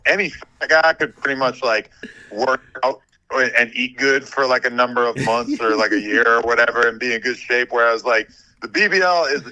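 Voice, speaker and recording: A man in casual chat, reasoning through a point quickly as co-host. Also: mid-range voice, bright, forceful tone. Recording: dull lo-fi audio.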